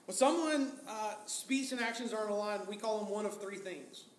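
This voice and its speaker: High-voiced man preaching in an echoey hall. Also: moderate pace, slight background noise. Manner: conversational preaching, rhetorical questions and acted-out quotes. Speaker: pastor. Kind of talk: sermon.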